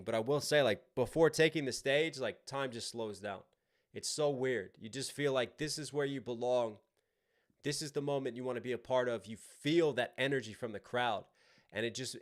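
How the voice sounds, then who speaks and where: Loose, swearing American man streaming live. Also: medium pitch. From United States. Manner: animated, loose and profane, with frequent restarts. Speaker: livestream host and rapper. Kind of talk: casual live-stream chat.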